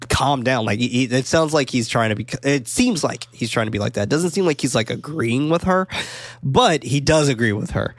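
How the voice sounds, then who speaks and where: A man in a loose, animated movie chat who swears freely and jumps into quoting characters. His voice sits in an ordinary middle range. The sound is close and dry, with no room around it. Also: medium pitch, brisk, dry recording. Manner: animated, swears a lot, acts out quotes. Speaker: podcast co-host. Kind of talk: casual movie discussion.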